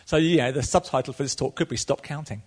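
A middle-aged man preaching a sermon, telling the story in a lively way with asides to the congregation. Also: mid-range voice, fast, husky.

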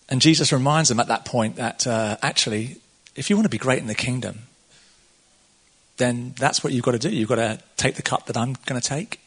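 A man's voice: medium pitch, moderate pace, long pauses, fairly bright tone, husky. A man preaching a casual sermon, chatty and conversational, laughing often and acting out the quotes.

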